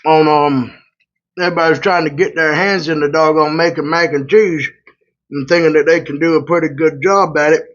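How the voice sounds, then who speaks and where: A trucker talks loose and colloquial as he eats and rambles into a story, his voice sitting a bit high for a man. The audio is slightly muffled and lo-fi. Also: steady tone, moderate pace. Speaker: truck driver and vlogger. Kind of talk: casual storytelling while eating. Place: hotel room.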